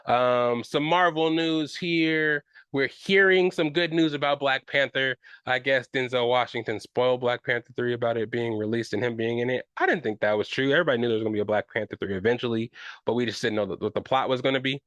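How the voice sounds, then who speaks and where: A man's voice: mid-range voice, fast talker, a bit bright, no room sound. A man hosting his own podcast, talking loosely and profanely in a rambling casual way, often checking in with "you know what I'm saying". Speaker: podcast host. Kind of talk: casual solo podcast commentary.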